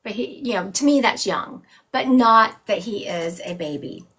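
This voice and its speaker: A woman's voice: mid-range voice, animated, normal speed, fairly bright tone, husky. A woman hosting a live psychic reading stream, relaying visions and chatting with viewers between readings. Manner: describes visions as "he is showing me". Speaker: psychic medium host.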